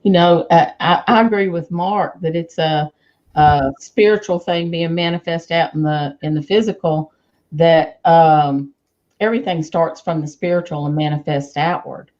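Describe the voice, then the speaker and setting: A woman's voice: low voice, fairly even intonation, normal speed, a little mellow. A woman speaking as a guest on a faith talk show, agreeable and reflective. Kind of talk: casual faith discussion. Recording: dull lo-fi audio.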